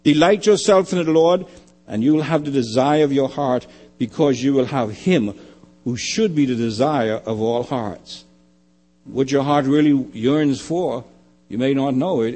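A man preaching a sermon, emphatic and repetitive, often dropping to a quiet low. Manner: emphatic, repeating phrases, dropping to quiet lows.

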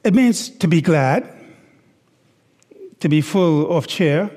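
A man preaching a sermon, slow and deliberate, stressing words and asking the congregation rhetorical questions. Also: fairly high pitch, lively intonation, mellow. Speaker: pastor. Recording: long hall reverb.

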